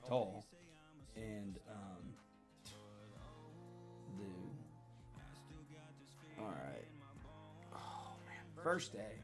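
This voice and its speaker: A man's voice: fairly low pitch, big pitch swings, extremely slow, pauses often, music in the background. Profane rambling man telling a story. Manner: profane, rambling, repeats himself. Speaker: live-stream storyteller. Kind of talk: casual storytelling to a live chat.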